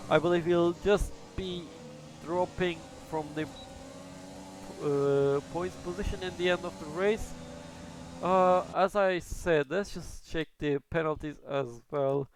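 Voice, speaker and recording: Music plays clearly underneath a man calling a sim racing event at a slow pace, his voice sitting a little high for a man. Unscripted and casual, he hesitates, hedges and trails off while tracking the cars, thinking aloud.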